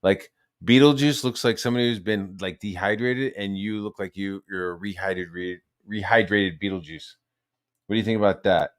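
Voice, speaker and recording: A man's voice: fairly low pitch, normal speed. A man hosting a livestream, ranting in a heated, profane, rambling way. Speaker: streamer host.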